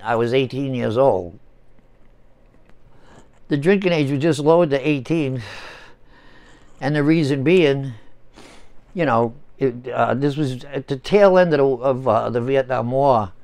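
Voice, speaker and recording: A man's voice: on the high side, darkish tone, dry recording. A man in his sixties, a channel host ranting casually with heavy swearing, heated sarcasm and repeated words. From United States. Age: 60s. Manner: profane, swears often. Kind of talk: casual rant to camera.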